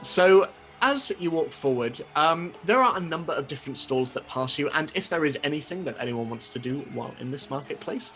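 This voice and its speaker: Man narrating as a game master, slightly high voice. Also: lively intonation, fairly bright tone, faint music behind, poor audio. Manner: descriptive, measured narration.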